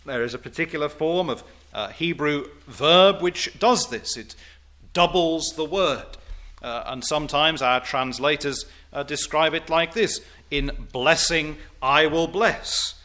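Male preacher, slow unhurried delivery, bright voice, formal old-style sermon, emphatic on scripture. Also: a little high. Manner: slow, deliberate, emphatic preaching with rising declamation on quotes; formal, old-fashioned wording.

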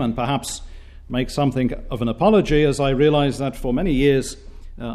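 A man preaching a sermon, reading scripture aloud and speaking in a measured, formal manner with frequent hesitations. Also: a little high, darkish tone.

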